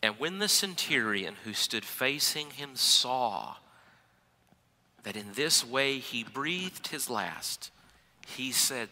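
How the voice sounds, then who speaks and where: Male preacher, earnest and measured, very bright tone, reverberant hall. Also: medium pitch, lively intonation, slight background noise. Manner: earnest, with slow weighty pauses. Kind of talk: scripture reading and sermon.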